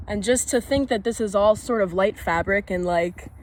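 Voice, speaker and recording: A woman's voice: medium pitch, normal speed, rough recording. A young woman talking to camera outdoors on a walk in the woods. She rambles from thought to thought, laughs often and swears casually. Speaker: vlogger. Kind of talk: rambling spoken musing.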